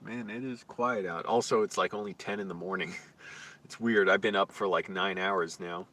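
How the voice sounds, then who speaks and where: Man, casual vlog, rambling and crude, bright voice, outdoors. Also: sits low, steady tone, normal speed. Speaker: vlogger. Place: outdoors on the street.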